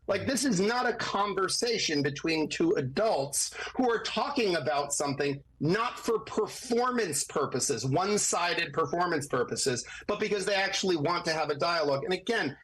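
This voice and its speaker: A man talks as a guest attorney on a podcast, animated and fond of acting out quoted voices. His voice sits fairly high and has a husky edge. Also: normal speed, hardly any pauses, rough recording. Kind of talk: podcast commentary.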